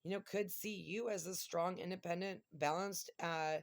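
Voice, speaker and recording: A woman in middle age talks through a tarot spread in a loose, chatty way. Her voice has a gravelly fry to it. She grows emotional and exclamatory as the cards turn. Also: lowish voice, steady tone, moderate pace. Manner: emotional, exclamatory, near tears at times. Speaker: tarot reader. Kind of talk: casual tarot reading monologue.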